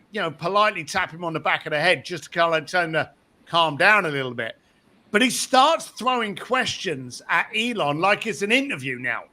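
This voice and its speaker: A man being interviewed about his book tells stories with a bright, sharp edge to his voice. He sits fairly high and swings his pitch widely. He slips into impressions of the people he describes. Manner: acts out other people's voices while telling anecdotes. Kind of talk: animated storytelling in conversation.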